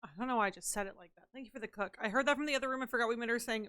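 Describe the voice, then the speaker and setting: Bright, playful woman streaming a game. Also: a little high, very fast, few pauses, no echo, studio quality. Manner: playful, joking, animated. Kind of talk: casual live-stream chat. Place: home streaming setup.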